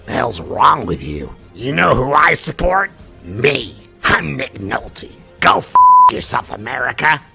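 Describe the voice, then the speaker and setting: A man doing an impression of an older male movie star, delivering a combative, insulting rant in a gravelly voice as a comedy bit. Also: medium pitch, big pitch swings, a little slow, sharp tone, faint music behind, exaggerated voice. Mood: angry ranting.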